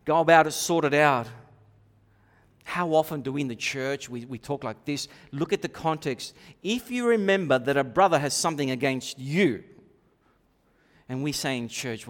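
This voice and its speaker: A man preaching a sermon in a church, swinging between loud emphatic bursts and quiet asides. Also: on the high side, expressive, normal speed. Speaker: pastor. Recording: long reverb of a church hall.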